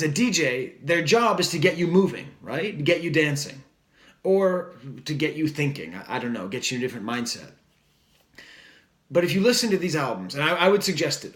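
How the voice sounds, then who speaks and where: A man's voice: on the high side, a bit bright. Chatty man reviewing records, roomy sound. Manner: rambling, filler-heavy, enthusiastic, jokey asides. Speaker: music reviewer. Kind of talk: casual record review monologue.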